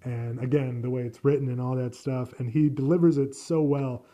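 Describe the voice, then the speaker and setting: A man's voice: mid-range voice, fairly even intonation, normal speed, warm tone. A man hosting a solo podcast, chatting casually in a rambling, profane, self-deprecating way. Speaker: podcast host.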